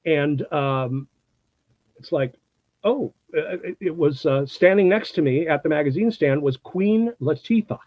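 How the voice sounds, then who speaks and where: A man in his sixties from the United States, an actor telling anecdotes in a casual interview, animated and laughing often, acting out what people said. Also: fairly high pitch, a little slow, no room sound, lo-fi sound. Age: 60s. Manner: animated storyteller, acts out quotes, laughs often.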